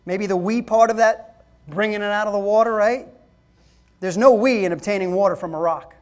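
A man's voice: high-pitched, moderate pace. An emphatic male preacher delivering a sermon to his congregation. He hammers his points home in short phrases and calls out to the listeners as folks.

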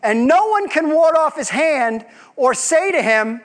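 A man's voice: very high-pitched, lively intonation, a little slow. A man preaching a sermon as pastor, asking his congregation rhetorical questions and acting out quoted voices.

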